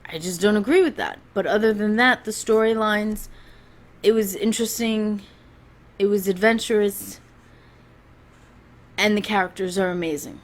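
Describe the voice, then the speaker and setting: A woman's voice: mid-range voice, normal speed, pauses often. A woman giving a rambling, chatty spoken book review, talking from home with frequent restarts.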